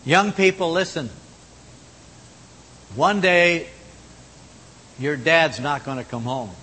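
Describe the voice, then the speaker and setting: A man's voice: animated, slow pace, slightly rough. Folksy preacher man in an echoing hall. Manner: folksy, swings from loud exhortation to hushed tones. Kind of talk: sermon. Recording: long hall reverb, faint rumble.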